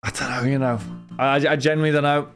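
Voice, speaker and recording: A man's voice: medium pitch, steady tone, quick pace, a bit bright, soft background music. A young man chatting casually with his live stream chat while opening cards, rambling and talking to friends. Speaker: card break streamer.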